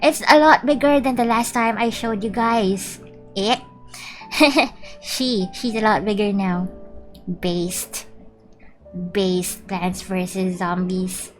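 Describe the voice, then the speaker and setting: A woman's voice: medium pitch, steady tone, takes it slowly, long pauses. A woman with a Filipino accent chatting casually on a game stream, playful and giggly as she reads chat aloud. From Philippines. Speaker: VTuber streamer. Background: faint background music.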